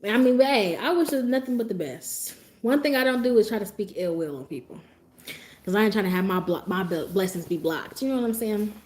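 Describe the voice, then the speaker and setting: A woman livestreamer telling stories in a sassy, animated way and laughing often as she talks. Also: medium pitch, brisk, a little hiss or hum. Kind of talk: casual livestream storytelling.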